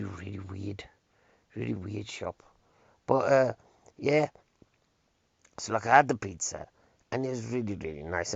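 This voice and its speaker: A man rambles through comic anecdotes, dropping wry deadpan asides and rhetorical questions. His voice is gravelly and sits mid-range. The recording is dull, lo-fi and dry. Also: medium pitch, dry recording. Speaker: comedian. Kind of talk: rambling comic storytelling monologue.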